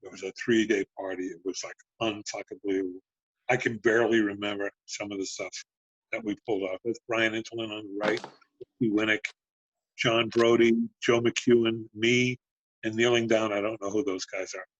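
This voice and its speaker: A man in his sixties with a husky voice recounts old tour stories in casual, profane chat. He mimics the people he talks about as he goes. The sound is dry and a little muffled. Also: lowish voice, normal speed, no echo. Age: 60s. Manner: profane, animated anecdotes with acted-out dialogue. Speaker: guest, former band road manager. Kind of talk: casual storytelling.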